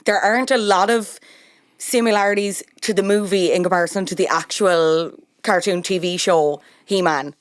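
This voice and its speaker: Woman podcast host, mid-pitched, dry close mic, encouraging questions. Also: dry recording. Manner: encouraging, asks follow-up questions. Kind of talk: casual podcast chat.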